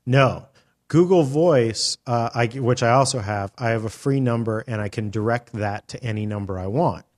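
Speaking at a moderate pace with a medium pitch, a middle-aged man hosts a podcast. He spins out a long, meandering story in relaxed chat, peppered with filler words and casual cursing.

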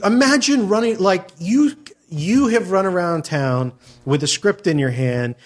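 A man chatting casually, animated and profane, acting out mock pitches in a raised voice. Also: unhurried. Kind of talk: casual chat.

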